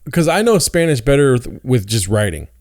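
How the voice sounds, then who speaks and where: A man co-hosting a podcast at an ordinary mid pitch, blunt and jokey, with casual profanity. He talks loosely and teases his co-hosts. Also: big pitch swings, normal speed, darkish tone. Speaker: podcast co-host. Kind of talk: casual chat.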